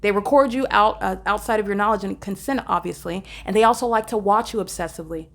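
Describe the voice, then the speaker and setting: A woman speaks unscripted into her phone camera from inside a hotel room. Her voice sits in an ordinary middle pitch, and her delivery is earnest and insistent. She halts often with fillers and restarts her phrases as she explains. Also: quick pace, creaky. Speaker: vlogger filming and commenting.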